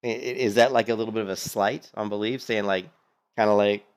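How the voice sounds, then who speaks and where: A man giving casual, rambling gaming commentary, animated, with lots of fillers and some swearing. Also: on the low side, brisk, clean tone. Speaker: gaming streamer commentating on a hardcore game run.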